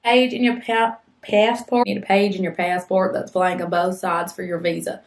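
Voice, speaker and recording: A woman's voice: lowish voice, level tone, normal speed, slight background noise, low-quality recording. Chatty young Australian woman vlogging. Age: young adult. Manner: chatty and self-mocking, easily sidetracked, mutters asides. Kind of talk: casual vlog, reading a visa website aloud.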